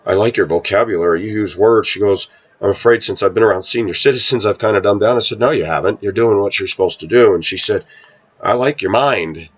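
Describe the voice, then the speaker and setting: Deep-voiced man rambling a personal story. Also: highs cut off. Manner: rambling storytelling, frequent throat clearing. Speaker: vlogger. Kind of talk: casual monologue to camera.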